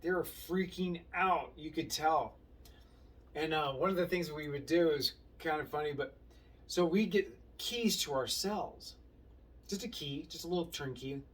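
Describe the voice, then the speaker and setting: A man's voice: a little high, measured pace, far from the mic. A middle-aged man telling casual stories about his time inside, acting out the voices of the people in them and swearing now and then. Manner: animated, acts out quotes, swears casually. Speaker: former inmate sharing his story. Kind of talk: casual storytelling monologue.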